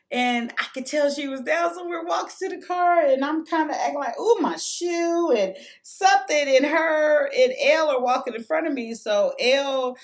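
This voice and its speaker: A woman hosting her own podcast, casually telling a personal story, lively and often laughing as she acts out the voices of the people in it. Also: high-pitched. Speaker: podcast host.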